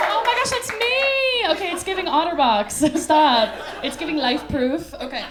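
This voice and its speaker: Bubbly high-voiced woman on stage. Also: very animated, normal speed, hardly any pauses, over a noisy crowd, heavy background noise. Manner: bubbly, playful, hammy. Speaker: storyteller. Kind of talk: live stand-up storytelling. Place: small theater stage.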